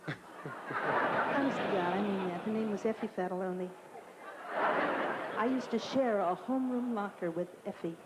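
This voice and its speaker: A woman's voice: mid-range voice, measured pace, pauses often. A woman comedian telling stories as a talk show guest, chatty and theatrical, dropping into impressions. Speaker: comedian and singer. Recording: old 1980 TV broadcast with audience noise.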